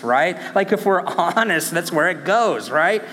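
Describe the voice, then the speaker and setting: A man's voice: high-pitched, animated, a little slow, few pauses. Preaching man in a reverberant church hall. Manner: dynamic preaching, swings from hushed to emphatic. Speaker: pastor. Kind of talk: sermon. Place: church sanctuary.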